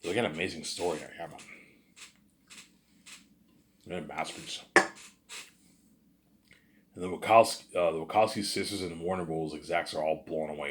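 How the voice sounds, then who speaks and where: A man with a very deep, low voice talks on his own in a loose, rambling monologue. He boasts and repeats himself, restarts his sentences and keeps tagging them with filler phrases. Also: moderate pace, long pauses, a little hiss or hum. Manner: repetitive, restarts, keeps saying "obviously" and "you know what I'm saying". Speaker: vlogger.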